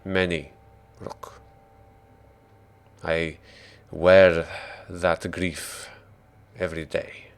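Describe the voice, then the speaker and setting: A man voicing a calm, formal woman mage who speaks with grave, measured words. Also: low-pitched, full character voice.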